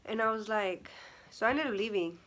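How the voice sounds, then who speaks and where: A woman's voice: mid-range voice, a little fast, fairly bright tone, slight background noise. A young woman vlogging casually, chatty and full of fillers, acting out what people said. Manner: chatty, many fillers and laughs, acts out quotes. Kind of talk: casual storytime vlog.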